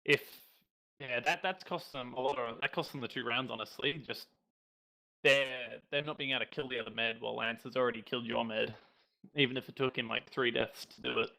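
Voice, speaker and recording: A man breaks down a live esports match as colour commentator. His voice is bright and forward, at an everyday pitch. He talks in a casual, slangy way and reasons his points out loud. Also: fairly even intonation, fairly quick, vocal fry, rough recording. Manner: chatty, analytical, casual slang.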